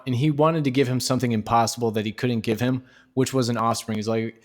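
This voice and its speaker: Mid-pitched man explaining his reading of a book. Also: steady tone, fairly quick. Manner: thoughtful, laying out his own reading of the story. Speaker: podcast co-host. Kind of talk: casual book-discussion podcast chat.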